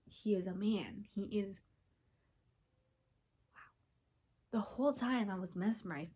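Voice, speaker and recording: A young woman hosting a podcast, chatting casually from home, gushing and chatty with sudden whispers and excited squeals. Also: mid-range voice, a little slow, long pauses, husky. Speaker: podcast host. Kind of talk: casual chat.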